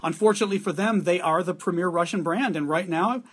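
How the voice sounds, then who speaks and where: Husky-voiced blog editor, earnest. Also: male voice, high voice, fast talker. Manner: earnest, emphatic. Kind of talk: interview soundbite.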